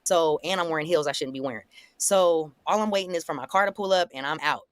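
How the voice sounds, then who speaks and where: A young adult woman casually recounting a confrontation, acting out the quoted lines in a higher, animated voice. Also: fast talker, clean tone, no room sound. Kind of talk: casual storytelling in conversation.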